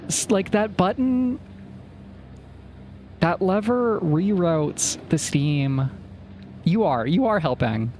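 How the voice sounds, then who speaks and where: A man's voice: high-pitched, lively intonation, takes it slowly, long pauses, darkish tone, a little hiss or hum. A man live-streaming a puzzle game, thinking aloud as he works through problems and apologizing for sounding snappy. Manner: apologetic and self-aware. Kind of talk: live-stream commentary while playing.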